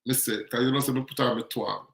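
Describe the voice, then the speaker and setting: A man's voice: mid-range voice, fairly even intonation, fast, vocal fry, fairly bright tone. A Jamaican man hosting a casual talk show, chatting and telling stories about life back home, acting out the people in them. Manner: chatty, storytelling, acts out quotes. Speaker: show host. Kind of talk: casual commentary monologue. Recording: roomy echo.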